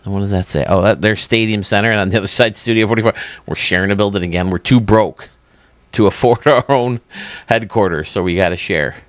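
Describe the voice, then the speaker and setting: A man's voice: on the low side, fairly quick, no echo. A man hosting his own channel, chatting casually and enthusiastically while touring video game stadiums, often laughing at himself. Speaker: YouTube host.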